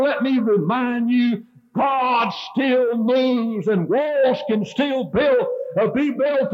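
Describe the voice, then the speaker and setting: Older man, Baptist preacher, high fervent revival delivery, muffled lo-fi church recording. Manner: fervent, rising and falling preaching cadence. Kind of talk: revival sermon. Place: church sanctuary. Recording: dull lo-fi sermon tape.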